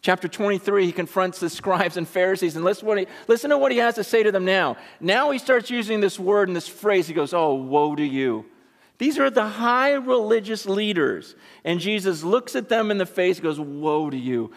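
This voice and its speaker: A man preaching a sermon, emphatic, dropping from loud bursts to hushed, intense asides. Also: sits high, a little fast, few pauses, in a large hall.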